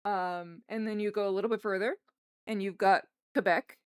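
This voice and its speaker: Young Canadian woman, mild accent, smooth clear voice, dry close mic, rambling casual stream chat. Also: medium pitch, fairly even intonation, moderate pace, no echo. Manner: chatty, rambling, self-correcting with frequent laughs. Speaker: livestreamer. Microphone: streaming microphone.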